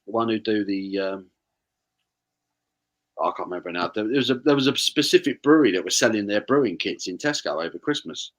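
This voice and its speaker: A man co-hosts a casual live-stream chat. His voice sits a little low. He rambles in easy, friendly banter, often trailing off mid-thought. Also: animated, brisk.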